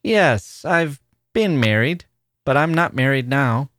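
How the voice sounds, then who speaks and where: Story reading: man playing a polite little girl, raised pitch, eager and chattering. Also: animated, slow, a bit bright, no echo, clean studio sound. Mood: earnest.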